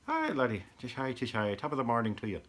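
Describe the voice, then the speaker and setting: A man's voice: mid-range voice, wildly swooping pitch, fast talker, a bit bright, voice pushed up. A man putting on a jolly stage-Irish fellow. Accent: put-on Irish. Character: cheery stage-Irish man greeting someone.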